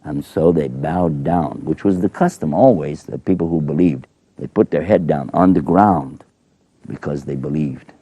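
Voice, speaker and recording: Gravelly low-voiced man telling kids' stories. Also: normal speed, no echo. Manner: animated, folksy, playful. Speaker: storyteller. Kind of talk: storytelling for children.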